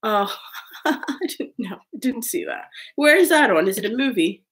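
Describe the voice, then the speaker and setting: A woman's voice: fairly high pitch, big pitch swings, moderate pace, a bit bright. A young woman hosting a casual live stream, rambling through chat comments with lots of "like" and frequent laughter. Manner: chatty, rambling, heavy use of "like", frequent laughs.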